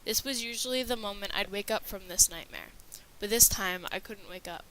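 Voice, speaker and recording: A woman's voice: medium pitch, moderate pace, few pauses, bright, forceful tone, a little hiss or hum, rough recording. A woman narrating a scripted horror story with a dramatic reading manner.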